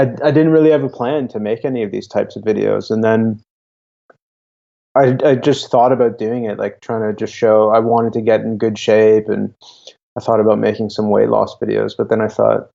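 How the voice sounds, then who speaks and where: A young man, a guest chatting casually and halting with frequent restarts. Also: on the low side, fairly even intonation, gravelly, mellow. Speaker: guest, YouTuber. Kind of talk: casual interview talk. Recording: dull lo-fi audio.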